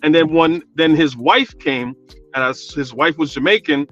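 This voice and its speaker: A man's voice: on the high side, normal speed, a bit bright, dull audio, soft background music. A man from New calling in to a radio talk show, talking casually at length with many fillers. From New York, Guyanese descent. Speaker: caller. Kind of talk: call-in radio chat.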